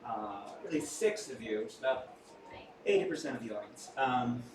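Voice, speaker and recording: In an echoey room where the mic sits far off and the audience is audible, a man presents live mentalism to a small crowd. His medium-pitched voice is animated at normal speed, delivering theatrical, playful patter and jokes aimed at the audience.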